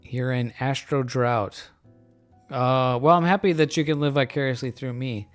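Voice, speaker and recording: A man hosting a casual live stream, talking in a loose, rambling way with many fillers, relaxed and joking, a little tipsy. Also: mid-range voice, normal speed. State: a bit tipsy from beer. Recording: faint music in background.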